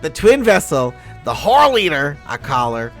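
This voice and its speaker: A man voicing a formal, seasoned male naval commander from a game, reading in a lowered, stately manner. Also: big pitch swings, normal speed, a bit bright, soft background music.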